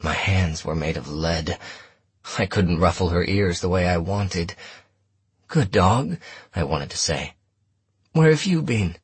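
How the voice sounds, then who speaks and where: Deep husky male audiobook narrator. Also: dry recording. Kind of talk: scripted first-person narration.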